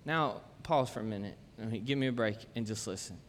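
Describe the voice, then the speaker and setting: A man's voice: lowish voice, brisk, few pauses. A man, preaching a casual, conversational sermon full of jokes and chatty asides. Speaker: pastor. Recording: long church-hall reverb.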